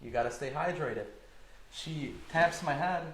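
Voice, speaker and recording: Podcast guest, twenties, from Michigan: lively, foul-mouthed joking storyteller, slightly high voice, roomy echo. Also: male voice, measured pace. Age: 20s. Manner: animated, profane, joking storyteller. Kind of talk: casual storytelling.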